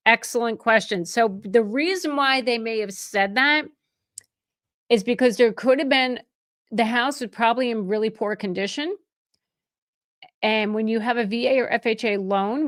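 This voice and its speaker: Chatty real estate agent woman on a livestream. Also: medium pitch. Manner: chatty and conversational, with frequent restarts and self-corrections; openly emotional and effusive toward viewers. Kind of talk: livestream Q&A answering viewer chat.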